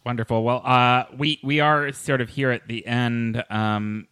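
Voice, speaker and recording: A man's voice: medium pitch, steady tone, a little slow, bright, forceful tone, smooth, dry recording, clean studio sound. A man hosting a podcast in a casual, hesitant way, with many ums and uhs. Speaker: podcast host.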